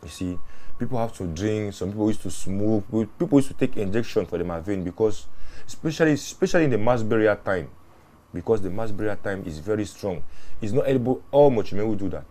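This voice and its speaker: Low-voiced man telling stories. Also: a little fast. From Ghana. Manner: animated and earnest, repeats words and restarts phrases. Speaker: mortuary worker. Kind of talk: interview storytelling.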